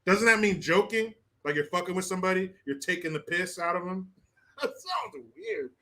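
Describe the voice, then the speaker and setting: A man's voice: high voice, lively intonation, moderate pace, pushed and bright. An American man hosting a casual live stream, reading chat comments, joking and laughing often. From United States. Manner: laughs often, playful, crude banter. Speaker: livestream host.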